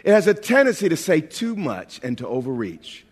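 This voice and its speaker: High-voiced preacher in a reverberant hall. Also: male voice, normal speed, slightly rough. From New York. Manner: lively, humorous preaching with repeated words. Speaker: pastor. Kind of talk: sermon. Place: large church sanctuary.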